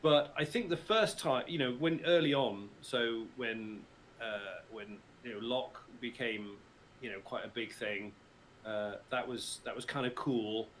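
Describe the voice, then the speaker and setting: His voice is mid-range, a bit bright, and unhurried, with slight background noise behind it. He's a middle-aged English voice actor with Received Pronunciation, joking and laughing easily during a casual livestream interview at his mother's house.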